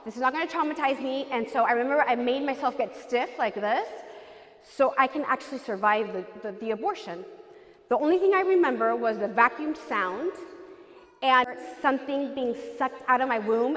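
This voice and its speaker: A woman's voice: fairly high pitch, expressive, moderate pace, fairly bright tone, long reverb tail. A woman telling her personal story in an earnest testimony, acting out the people she quotes. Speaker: speaker giving a personal testimony. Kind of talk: emotional personal testimony talk.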